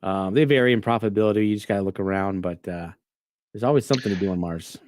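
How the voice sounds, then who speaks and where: A man co-hosting a podcast in casual chat, with quick affirmations and friendly banter. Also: on the low side, darkish tone, dry recording, studio quality. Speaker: podcast co-host.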